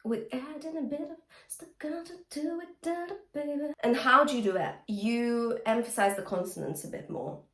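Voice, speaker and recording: A woman's voice: fairly high pitch, normal speed, fairly bright tone, reverberant. A woman vocal coach teaching singing, talking the listener through exercises and singing short demonstration lines, often checking in with the listener. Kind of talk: singing lesson with sung demonstrations.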